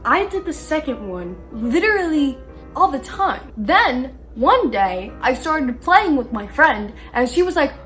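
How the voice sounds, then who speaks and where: Chatty woman vlogger, higher voice. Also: measured pace, faint music behind. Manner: chatty, laughs often between thoughts; animated when retelling arguments. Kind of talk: casual chat.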